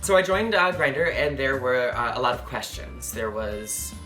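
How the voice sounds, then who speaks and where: A young man telling a comedic dating story to camera, sassy, animated and profane. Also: mid-range voice, moderate pace, faint music behind. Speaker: travel vlogger.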